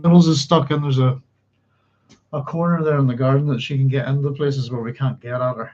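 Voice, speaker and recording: Hosting a book club livestream, this man speaks at a normal speed in a fairly high, fairly even voice, chatting away, apologizing, and humming while he searches his notes. The casual livestream audio is slightly dull and lo-fi, with a little background noise.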